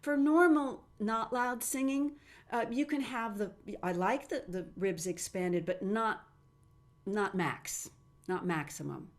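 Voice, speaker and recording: A middle-aged woman teaching singing technique in a webinar, talking in a lively way and breaking off to demonstrate sounds with her own voice. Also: medium pitch, slow.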